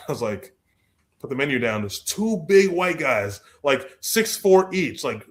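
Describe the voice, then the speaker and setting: A young adult man, a guest author telling stories in a lively way, acting out the people he quotes. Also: mid-range voice, slow pace. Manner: expressive, acts out quoted voices, repeats words. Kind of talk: animated storytelling in conversation.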